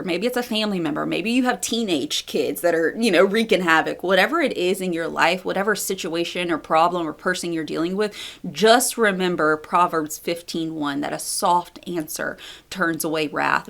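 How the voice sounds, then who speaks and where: A woman's voice: on the low side, fairly bright tone. Earnest young woman sharing testimony. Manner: earnest, conversational, with fillers and repeated phrases. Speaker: speaker in a women's ministry video. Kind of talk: personal testimony and encouragement.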